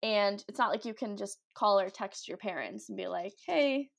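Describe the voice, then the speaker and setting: A woman's voice: mid-range voice, fairly even intonation, normal speed, gravelly. A young woman, a guest on a talk show, chatting casually and upbeat with lots of "like" and fillers. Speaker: guest, cruise ship ice skater. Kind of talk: casual interview chat.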